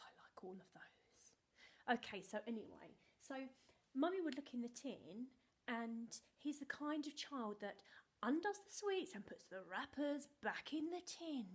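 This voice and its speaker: A woman, a primary school teacher giving a remote video lesson to young children in a bright, sing-song, animated way, speaking slowly and clearly. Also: a little high.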